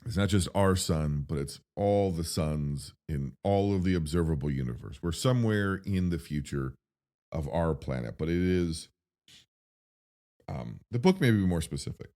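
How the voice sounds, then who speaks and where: Male movie-reaction host, very low voice; rambling, profane, excitable delivery. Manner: excitable and rambling, with profanity and big pitch swings when worked up. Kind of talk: spoken film reaction.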